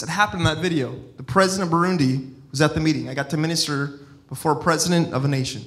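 A middle-aged evangelist preaching in a church with a fairly high-pitched voice. He talks in a free-flowing, personal way, telling stories and breaking off into restarts and asides. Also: fast, fairly bright tone. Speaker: evangelist-missionary. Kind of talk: sermon.

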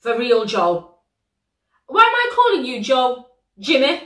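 Lively British woman reacting in a roomy space. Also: high-pitched. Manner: slangy, animated, quick to laugh. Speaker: reaction video host. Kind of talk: excitable casual reaction commentary.

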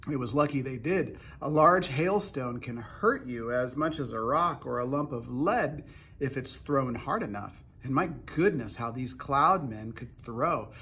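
A man reads a children's book aloud in an unhurried narration with the odd restart. His voice is husky and sits at an average pitch for a man. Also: expressive, bright, forceful tone.

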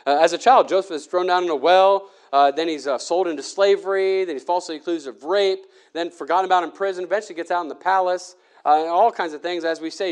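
A male preacher delivering a Sunday sermon with a fairly high voice. He talks earnestly and conversationally, stumbling and restarting as he presses his point. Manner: earnest, with frequent restarts and fillers.

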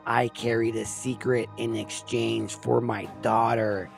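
A man's voice: medium pitch, little pitch movement, measured pace, gravelly, soft background music. A man voicing a stern male cult leader who gives commands.

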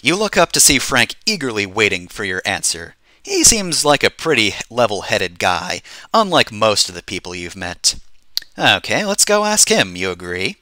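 A man streaming himself reading a text adventure game aloud, in an animated way and chuckling at the story. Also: fairly low pitch, moderate pace, few pauses, no room sound.

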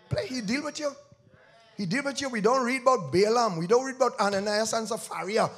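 A male preacher, delivering a sermon in a church, swinging between shouted emphasis and low, intense repetition. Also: animated, a little fast, husky.

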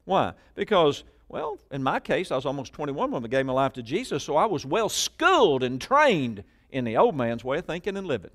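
Animated preacher, lively pitch. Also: male voice, a little fast, hardly any pauses. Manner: call-and-response preaching, prompting the congregation to repeat; swings between loud emphatic bursts and quiet asides. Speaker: pastor. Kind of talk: sermon. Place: church sanctuary with congregation.

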